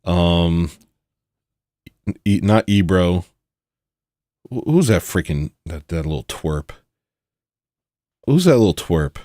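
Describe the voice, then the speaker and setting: A man with a deep, low voice rants bluntly and provocatively, tossing in mocking asides. He talks casually as a podcast host. The sound is dry and close, with no room echo. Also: animated, slow pace, long pauses, mellow. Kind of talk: casual opinionated monologue.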